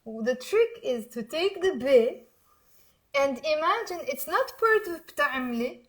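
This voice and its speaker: A Lebanese woman with a high voice teaches her dialect in a live online lesson. She coaxes her viewers to repeat after her and slows down to spell out each word. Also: animated. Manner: encouraging, coaxing viewers to repeat aloud. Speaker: Arabic teacher.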